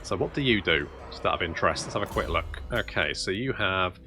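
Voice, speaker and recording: A man's voice: sits low, lively intonation, a little fast, music in the background. A man commentating on his own strategy game play, rambling, swearing and thinking aloud. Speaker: let's play host. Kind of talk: gameplay commentary.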